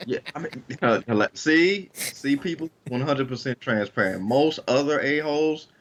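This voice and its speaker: A man's voice: mid-range voice, lively intonation, moderate pace, slight background noise. A man co-hosting a wrestling podcast in casual chat, laid-back and wisecracking. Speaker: podcast co-host.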